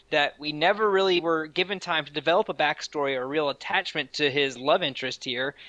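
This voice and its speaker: A man's voice: a little high, pushed and bright, no room sound, highs cut off. A man co-hosting a casual film review podcast, earnest and opinionated as he talks. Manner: earnest, opinionated, fluent with light fillers. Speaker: podcast co-host.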